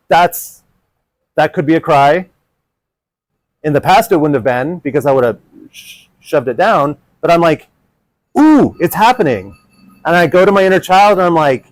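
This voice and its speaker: A man giving a live workshop talk to a group. He speaks animatedly and acts out his inner child in a higher voice. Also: a little mellow, no echo, rough recording.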